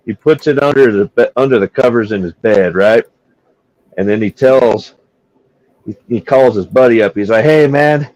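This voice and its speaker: A man's voice: lowish voice, darkish tone, dry recording, muffled recording. A man casually telling a dirty joke on a stream, rambling and restarting his sentences.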